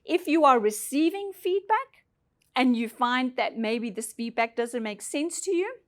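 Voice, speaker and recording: A woman's voice: high-pitched, expressive, a little slow. A woman leadership trainer giving an instructional presentation, speaking emphatically and putting questions directly to her listeners.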